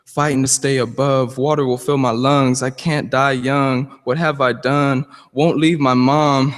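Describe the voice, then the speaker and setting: A man performs rap-style rhyming poetry at a cafe open mic. His delivery is rhythmic and unhurried, at a middle pitch. The live room adds a long hall reverb. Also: steady tone.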